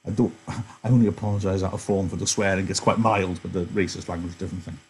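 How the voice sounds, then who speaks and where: Give me a low-voiced male teacher chatting through a novel with his class. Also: steady tone, fast, darkish tone, a little hiss or hum, poor audio. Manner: chatty, apologetic asides, self-correcting.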